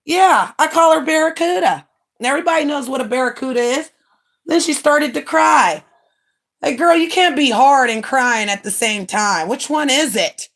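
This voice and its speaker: A woman with a slightly high voice hosts her own livestream. She rants in a brash, profane, mocking way and at times breaks into shouting. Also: moderate pace. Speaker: livestream host. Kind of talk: ranting livestream talk.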